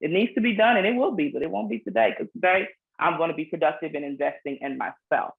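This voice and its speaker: Talking quickly with vocal fry in a lowish voice, a woman who writes children's books explains things earnestly during a casual interview. She often starts her phrases over, and the audio sounds narrow, like a phone.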